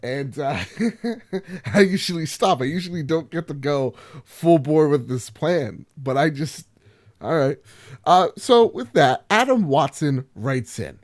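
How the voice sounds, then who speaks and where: A man in a lively, joking podcast monologue, his voice sitting a little high and leaping up and down as he rambles. He swings between loud mock outrage and muttered asides. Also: measured pace. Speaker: podcast host. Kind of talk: solo podcast chat.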